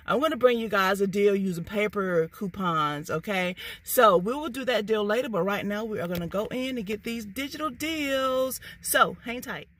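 A woman chatting excitedly to her viewers in a casual vlog, at times speaking from farther off the mic. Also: mid-range voice. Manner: excitable, addresses viewers as y'all. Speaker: couponing vlogger. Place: inside a store, then at home.

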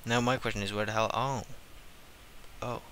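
A young man giving casual, profane gameplay commentary, jumping from low mutters to squealing shouts. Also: fairly even intonation, normal speed, clear, resonant tone. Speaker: gaming channel host.

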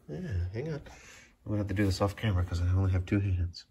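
A man's voice: on the low side, very fast, mellow, a little hiss or hum. A man filming a casual vlog at home, talking to his cats in coaxing baby talk and often dropping to a whisper. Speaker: cat owner filming his pets. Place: home by a sliding door.

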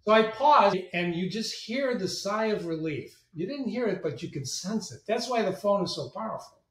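Middle-aged guy with a high voice telling lively business stories, sounds far from the mic in an echoey room. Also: moderate pace. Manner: animated, acts out quoted voices. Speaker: marketing agency president, guest. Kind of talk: anecdotal interview storytelling.

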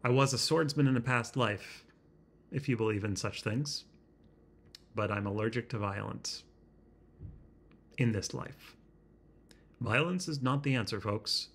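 A man talking to his laptop camera in a house, halting and self-deprecating, searching for his words, with a slightly constricted sound in his throat. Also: mid-range voice, a bit bright, husky. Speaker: vlogger. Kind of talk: rambling self-conscious vlog. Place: indoors in a house. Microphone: laptop webcam.

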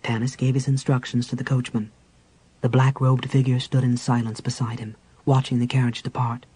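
Male audiobook narrator, breathy tone, steady storyteller pacing. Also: mid-range voice, a little fast, dry recording, poor audio. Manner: even, storytelling delivery.

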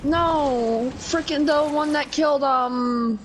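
A woman's voice: high voice, slow pace. A young woman in casual gaming chat. She talks unhurriedly, asks questions often and easily loses track. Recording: noisy background.

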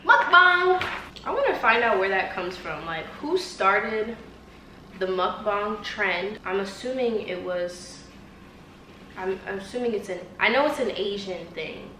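A woman's voice: medium pitch, animated, a little slow, a bit bright, recorded from a distance, a little hiss or hum. A young woman, talking casually and directly to her viewers in a home vlog. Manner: chatty, bubbly, talks straight to viewers. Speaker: vlogger. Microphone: phone on tripod. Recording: roomy home audio from a bit off-mic.

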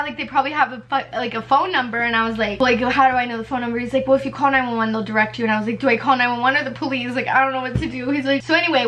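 A young woman with a high, bright voice tells a personal story to camera in a casual storytime style. She talks quickly and animatedly, packing in fillers and acting out every quote. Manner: animated, fast-paced retelling with many fillers and acted-out quotes. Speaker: vlogger.

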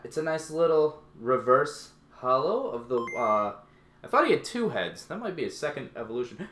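A man giving casual, playful commentary while opening card packs, his voice jumping high when excited. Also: unhurried. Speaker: YouTube unboxing host. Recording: echoey room.

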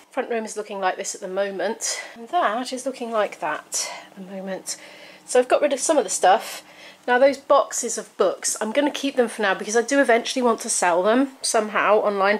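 Chatty British woman vlogging at home. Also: medium pitch. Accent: British English. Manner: chatty, rambling, talks while tidying. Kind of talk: casual home vlog narration. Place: home, indoors.

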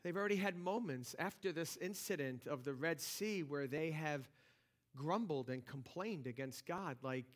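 A man's voice: fairly high pitch, animated, moderate pace. A man preaching a sermon as pastor in a church, talking conversationally with lots of restarts and rising energy. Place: church sanctuary.

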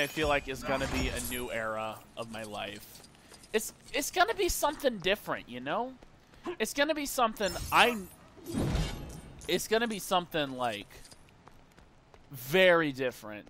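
A man's voice: fairly high pitch, big pitch swings, normal speed, pauses often, pushed and bright, a little hiss or hum. A young man casually commenting while playing a video game, rambling and wistful with sudden playful outbursts. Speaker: gameplay streamer.

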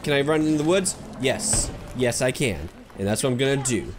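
A man's voice: medium pitch, expressive, normal speed, hardly any pauses, music in the background. A man giving sarcastic, joking commentary while playing a horror game, talking back to the characters and yelping and swearing when startled. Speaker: gaming video host. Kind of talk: let's play commentary.

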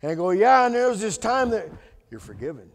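In an echoey church sanctuary, a guest speaker gives his testimony as a sermon. His voice is extremely high, fast and lively in intonation, and he tells his story in a folksy, colloquial way.

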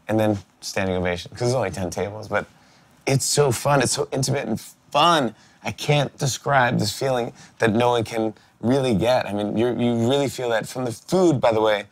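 A man hosting a talk show, chatting casually and telling stories excitably. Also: mid-range voice, a little fast. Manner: excitable, animated storyteller. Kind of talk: casual chat.

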